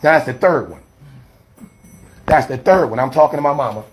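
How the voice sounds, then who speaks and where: Street preacher, male, slightly high voice, heated and defensive on phone video. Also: animated, normal speed. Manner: agitated, rambling and defensive, often turning to plead with older women. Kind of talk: heated confrontation filmed on camera.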